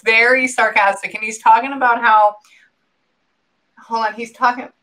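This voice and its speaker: Bright-voiced woman relaying messages as a medium. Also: fairly high pitch, fairly even intonation, moderate pace. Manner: breaks off often to listen, then relays quotes. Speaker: psychic medium. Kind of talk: reading session, relaying messages.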